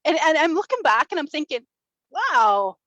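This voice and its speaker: A woman in her forties giving a motivational talk at a summit, telling her story with warmth, laughter and acted-out quotes. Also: sits high, sing-song, normal speed, dry recording, poor audio. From Chile. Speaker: speaker at a summit, radio and podcast host. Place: stage at a summit.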